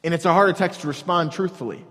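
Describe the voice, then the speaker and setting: A man preaches with a fairly high voice, driving his points home through repetition and pointed rhetorical questions. His words ring out with the long reverb of a large hall, as in a church sanctuary. The delivery is earnest and steady. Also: quick pace. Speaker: pastor. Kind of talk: sermon.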